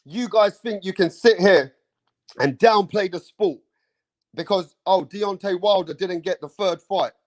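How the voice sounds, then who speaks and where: Fired-up man ranting, high voice. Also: a little slow. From England. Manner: fired-up, profane, repeats himself, keeps saying bro. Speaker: boxing channel host. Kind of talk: heated opinion rant to camera.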